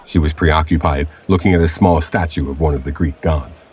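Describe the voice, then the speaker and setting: A man narrating a scripted audio adventure story in a measured storytelling manner. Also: rumbling low, fairly even intonation, darkish tone, a little hiss or hum.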